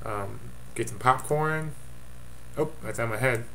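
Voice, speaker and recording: A man talks offhand into a computer webcam at home, running his fantasy league's weekly update in a rambling, jokey way. His voice sits at an ordinary middle pitch, with a faint hiss of noise under it. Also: measured pace, gravelly, pushed and bright. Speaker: fantasy football league commissioner.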